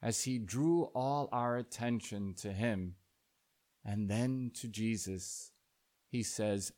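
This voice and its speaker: A man preaching a sermon as a priest, speaking slowly and deliberately, building to dramatic rises when he tells a story. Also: lowish voice, darkish tone.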